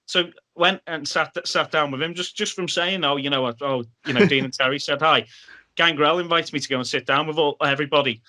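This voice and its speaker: Bright-voiced man telling stories. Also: medium pitch, brisk. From Liverpool, England. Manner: animated storyteller, acts out other people's lines. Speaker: podcast guest. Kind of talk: casual anecdote telling.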